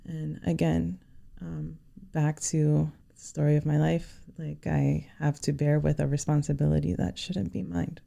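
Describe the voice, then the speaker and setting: A woman guest on a podcast, sharing a personal story in a sincere, halting way with many fillers. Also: low voice, level tone, gravelly, dark tone.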